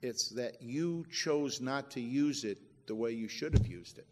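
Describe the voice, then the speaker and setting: A man's voice: mid-range voice, animated, unhurried, darkish tone, long reverb tail. A man preaching a sermon in a conversational way, asking rhetorical questions and quoting scripture verses.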